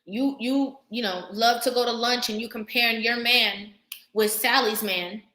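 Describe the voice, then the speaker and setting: A young woman hosting a live stream, talking emphatically and preaching to her viewers, pausing now and then to thank them for their comments. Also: a little high, steady tone, sharp tone. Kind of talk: impassioned live-stream talk. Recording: roomy echo.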